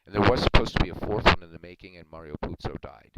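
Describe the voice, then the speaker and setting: A man's voice: sits low, fast. A man hosting a stream, chatting casually in a rambling way, often chuckling and repeating himself. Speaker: stream host. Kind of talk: casual chat. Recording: loud background noise.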